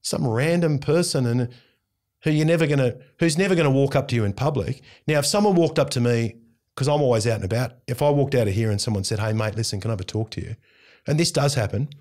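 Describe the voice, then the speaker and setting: A middle-aged Australian man, a radio host, telling a family story in casual conversation, animated and intense, acting out bits of dialogue. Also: mid-range voice, fast talker. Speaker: radio host, interview guest.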